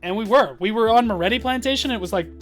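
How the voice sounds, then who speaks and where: A man's voice: sits high, quick pace, faint music behind. A man talking casually on a livestream as a guild leader, rambling and swearing as he tells boastful stories. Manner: profane, rambling, boastful storytelling.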